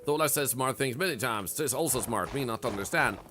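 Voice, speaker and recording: A man's voice: medium pitch, expressive, brisk, noisy background, close to an everyday voice. A man voicing a dim-witted male caveman who talks in broken, simple words. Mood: dopey. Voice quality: broken caveman grammar, dopey.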